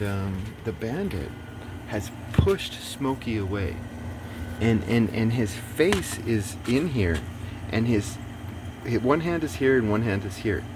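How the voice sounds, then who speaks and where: Lowish voiced guy rambling and cussing, gets preachy, noisy background with cars going by. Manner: rambling, swears often, grows agitated and preachy. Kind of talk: rambling casual monologue.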